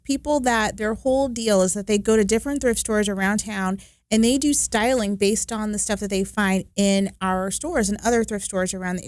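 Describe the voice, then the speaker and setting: Chatty woman cohost, kinda high voice, rambly and friendly, dry studio sound. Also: no room sound. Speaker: co-host. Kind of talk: casual talk show chat.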